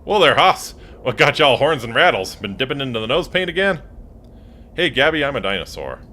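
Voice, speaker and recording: A man's voice: mid-range voice, fast talker, a bit bright, slight background noise, lightly acted. A man putting on a rowdy Wild West cowboy. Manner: folksy cowboy slang, boisterous.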